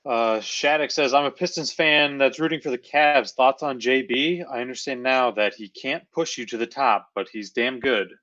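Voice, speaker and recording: A man co-hosting a live basketball watch-along, talking in a relaxed, filler-heavy way. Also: mid-range voice, normal speed, few pauses, dull audio. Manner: laid-back, drops his voice, many fillers. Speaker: co-host. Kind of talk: casual watch-along chat.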